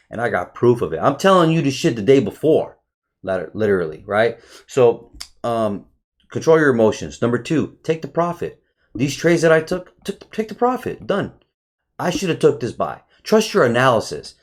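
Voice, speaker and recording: A man giving a casual, excitable chart review for viewers, swearing often and calling them bro. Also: mid-range voice, normal speed. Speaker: trading educator.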